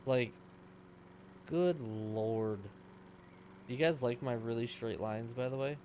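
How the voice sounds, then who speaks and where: A man's voice: medium pitch, slow pace, warm tone, a little hiss or hum. Chatty man streaming a game. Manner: chatty, rambling, answers chat. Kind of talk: casual gameplay commentary.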